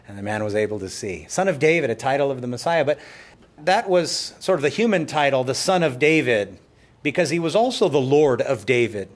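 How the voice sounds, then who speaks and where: A pastor preaching a sermon in church, explaining scripture in a conversational way with playful asides. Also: male voice, mid-range voice, lively intonation, a little fast.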